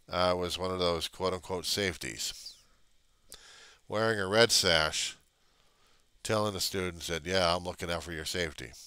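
A middle-aged man in a rambling casual monologue, gruff and grumbling, swearing freely as he talks to his webcam. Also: deep voice, pushed and bright, no echo. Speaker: vlogger.

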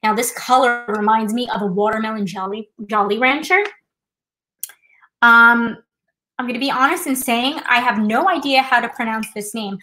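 Poor audio captures a fairly high, sharp-toned woman talking at normal speed as she runs a live trivia night. She chats casually and explains each step, sometimes making light of herself, in a live-stream demonstration format.

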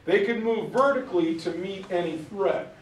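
A man giving an informal history lecture from a map, telling it as a story, acting out quotes and clearing his throat now and then. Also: high voice, moderate pace, recorded from a distance. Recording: roomy sound from off-mic.

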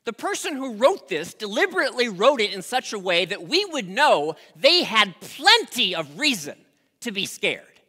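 A pastor preaching a sermon, telling a story with dramatic pauses and rising emphasis. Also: medium pitch, very animated, sharp tone, slightly rough. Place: church sanctuary. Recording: long reverb of a large hall.

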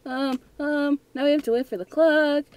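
Speaking at a moderate pace with a steady, high-pitched and somewhat mellow voice, a young woman narrates her playthrough of a scary game at home. She sounds nervous and keeps giggling to herself.

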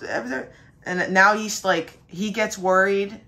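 A woman's voice: steady tone, unhurried, vocal fry, sharp tone. A young woman, a spiritual reader, telling a rambling casual story full of fillers and mild cursing. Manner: quotes her dad in a higher voice.

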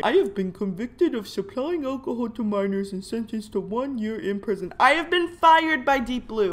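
A woman's voice: medium pitch, fairly bright tone. A young woman giving let's play commentary on a life simulation game, giggling often and reacting dramatically to each event. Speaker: gaming YouTuber.

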